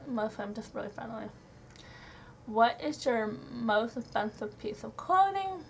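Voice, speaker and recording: Slow, hesitant young woman vlogger. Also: on the high side, expressive, slight background noise. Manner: hesitant, many ums, giggly. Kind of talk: question-and-answer tag video.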